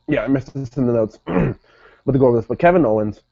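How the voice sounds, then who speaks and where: A man's voice: medium pitch, vocal fry, a little mellow, slightly rough, muffled recording. A man giving a casual, rambling recap of a wrestling show as its regular reviewer, often correcting himself and saying "dude" and "like". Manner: rambling, self-correcting, says "dude" and "like" a lot.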